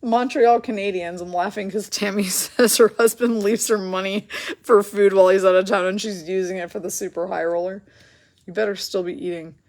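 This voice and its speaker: A woman's voice: mid-range voice, steady tone, brisk, a little mellow. A woman hosting a live card break, rattling off names and teams in a chatty way and laughing at her own slips.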